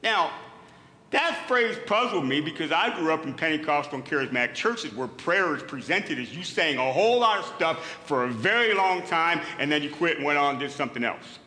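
A man's voice: on the high side, expressive, brisk, pushed and bright. A middle-aged male pastor preaching a sermon in an earnest, emphatic way, often repeating words as he builds a point. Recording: echoey hall with long reverb.

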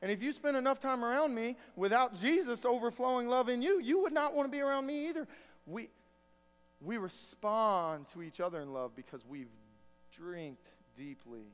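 A pastor with a high-pitched voice delivers a sermon in a folksy, conversational way, mixing scripture reading with homespun stories. His voice carries a long reverb tail from the church sanctuary. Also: animated, a little fast. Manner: folksy, conversational preaching with storytelling.

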